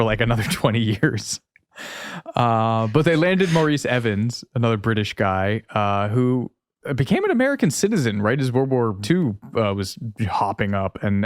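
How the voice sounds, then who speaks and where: A man's voice: mid-range voice, no room sound, clean studio sound. A man co-hosting a podcast, chatting casually and joking, with many fillers. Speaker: podcast co-host. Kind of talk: casual chat.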